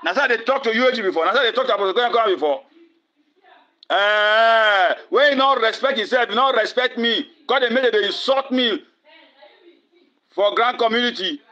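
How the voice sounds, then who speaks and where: Nigerian man with a Pidgin accent, a bright, cutting voice, confrontational commentator taunting and cursing in a rant. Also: extremely high pitch, fairly quick, dull audio. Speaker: online commentator. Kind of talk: angry video rant.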